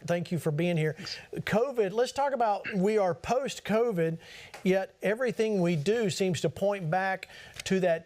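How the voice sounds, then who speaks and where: A man's voice: sits high, a little mellow. A man hosting a talk show, speaking emphatically and shifting his pace. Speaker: show host.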